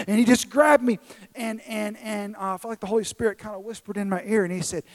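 A man's voice: high voice, steady tone, fast, low-quality recording. A man in his thirties who is a pastor, preaching from a church stage in an earnest, self-deprecating storytelling way, often restarting his words. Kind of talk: sermon.

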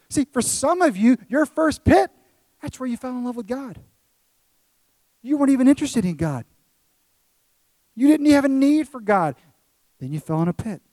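A man's voice: very high-pitched, animated, normal speed, pauses often, mellow, no echo. A man preaching a sermon as pastor, emphatic, with repeated phrases and rhetorical questions to the congregation.

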